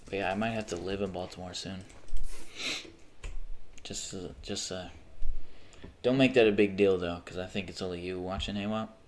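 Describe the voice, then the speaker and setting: A man's voice: low voice, steady tone, moderate pace, pauses often, a little hiss or hum. A young man livestreaming from home, ranting casually with lots of swearing and frequent restarts mid-sentence. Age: young adult. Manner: profane, ranting, frequent self-interruptions and restarts.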